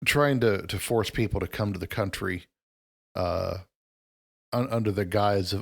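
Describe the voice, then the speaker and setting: A man's voice: fairly low pitch, measured pace, creaky, pauses often. A man co-hosting a podcast, chiming in with wry questions and quips in casual chat. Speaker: podcast co-host.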